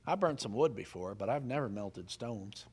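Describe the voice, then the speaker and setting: A man preaching a sermon, telling a Bible story with lively, folksy humor and questions for the congregation. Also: on the low side, moderate pace, slightly rough. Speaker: pastor.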